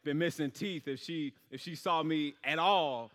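A man's voice: fairly high pitch, a little slow, fairly bright tone, long reverb tail. A young adult man preaching a storytelling sermon in a casual, rambling way, full of fillers.

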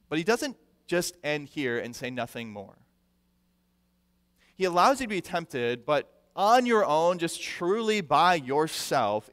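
A male pastor preaching a sermon with animated delivery, acting out the people he quotes and repeating words for emphasis. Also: a little high, smooth. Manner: animated, acts out quoted voices; repeats words when stressing a point. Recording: long reverb of a large hall.

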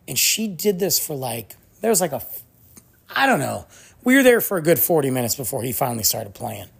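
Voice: medium pitch, creaky, slightly rough. A podcast host telling stories in a solo monologue, ranting with animation and acting out the people quoted along the way. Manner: acts out quoted people mid-story.

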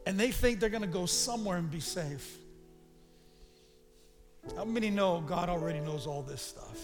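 A pastor preaching a sermon, animated and calling the congregation to repeat after him. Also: male voice, high-pitched, moderate pace. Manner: animated preaching, calls the crowd to repeat lines. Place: church sanctuary. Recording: reverberant hall with faint music.

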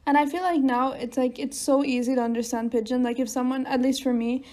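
A woman's voice: high voice, fairly even intonation, brisk, a little mellow. A teenage girl co-hosting a casual podcast chat, talking with many fillers and frequent laughs. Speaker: podcast co-host.

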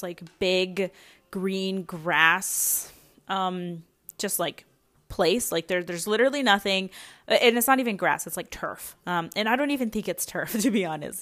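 A young woman talks straight into the mic as a podcast host, retelling a frightening day. She rambles, circles back and restarts her sentences, stacking fillers as she goes. Her voice sits at an ordinary middle pitch. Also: fairly bright tone. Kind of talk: casual storytelling monologue.

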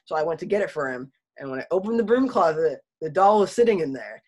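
A woman's voice: low-pitched, very animated, a little mellow, husky. A woman in casual chat telling a spooky childhood story, laughing often and acting out the people she quotes. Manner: fast, laughing, acts out quoted voices.

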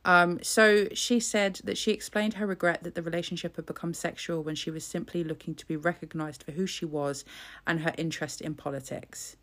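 A woman giving casual, opinionated commentary in a blunt, scornful way, swearing freely and filling pauses with "um". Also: on the low side, steady tone, fairly bright tone.

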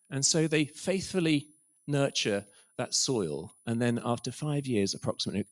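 A middle-aged man preaching a sermon, telling stories with quiet asides. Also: mid-range voice. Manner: storytelling, quiet asides and soft whispered quotes.

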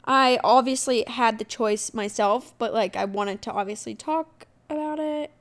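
A woman's voice: fairly high pitch, a little slow. A woman in her twenties hosting her own podcast, telling a personal story in a candid, chatty way and acting out quotes of what she and others said. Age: 20s. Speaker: podcast host. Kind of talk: casual solo podcast chat.

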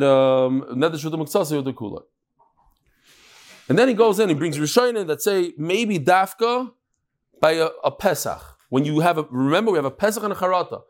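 A man giving a casual Talmud class lecture, mixing in Hebrew and Yiddish terms and telling anecdotes. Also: fairly high pitch. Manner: tells jokes and anecdotes. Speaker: Talmud teacher.

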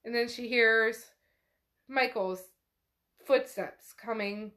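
A woman with a fairly high voice hosts a podcast and retells a novel casually. She talks in a chatty, profane way, filling her sentences with "like." Her tone is loose and conversational. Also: slow, a bit bright. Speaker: podcast host. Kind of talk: casual book recap chat.

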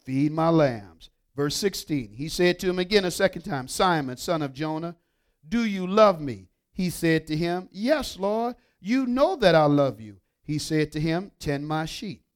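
Male preacher, high voice, call-and-response sermon delivery, hushed-to-emphatic. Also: lively intonation, unhurried. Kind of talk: sermon with scripture reading.

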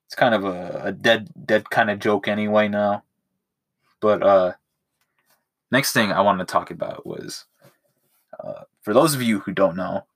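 Low-voiced crude young man rambling. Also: fairly bright tone. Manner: crude, rambling, self-mocking, swears a lot. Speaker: podcast host. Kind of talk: casual solo podcast monologue. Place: at home in his room. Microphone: phone.

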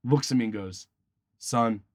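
A young man telling a wild story in a casual podcast chat, animated and profane, swinging from loud excited bursts to low mutters. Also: moderate pace, slight background noise.

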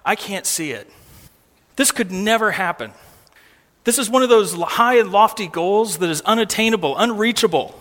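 Pastor, male, high voice, emphatic sermon delivery, long hall reverb. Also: animated, normal speed, a bit bright. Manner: emphatic, repeats words for stress.

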